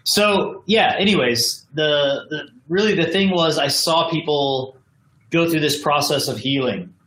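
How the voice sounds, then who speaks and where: An American man tells stories in a loose, rambling way, tossing in "like" and "you know" all the time. His voice is bright and sharp. He is calling in remotely, and the room sounds echoey. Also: a little high, a little slow. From United States. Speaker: podcast guest. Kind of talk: casual storytelling. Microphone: video call from home.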